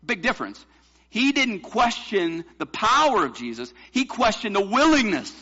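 A man's voice: sits high, sing-song, normal speed, sharp tone, muffled recording. A man preaching a sermon, pressing points home with rhetorical questions to the congregation. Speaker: pastor.

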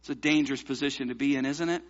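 A man's voice: medium pitch, fairly even intonation, rapid-fire, lo-fi sound. A man preaching a sermon, pressing points home with rhetorical questions to the congregation. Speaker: pastor.

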